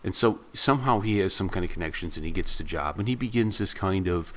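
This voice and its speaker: A man's voice: sits low, expressive, quick pace, hardly any pauses, slight background noise. A man reviewing a film in a casual, rambling retelling full of asides. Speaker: movie reviewer.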